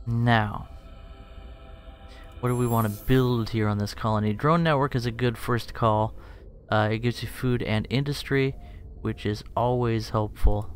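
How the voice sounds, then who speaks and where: A man's voice: medium pitch, slight background noise. A man giving casual, joking, self-deprecating commentary as he plays a strategy game and thinks aloud. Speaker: let's play streamer. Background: game music.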